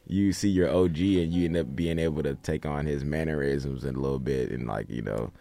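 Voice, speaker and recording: Man from Los Angeles, podcast guest, very low deep voice, easygoing slangy chat. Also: brisk, vocal fry, mellow. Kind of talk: casual chat.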